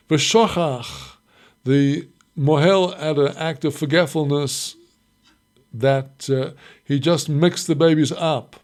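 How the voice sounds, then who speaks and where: A man with a somewhat high voice gives a recorded Mishnah lesson. He reads short Hebrew phrases and then translates them. He explains each point step by step in a measured teaching tone. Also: a little mellow. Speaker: Torah teacher.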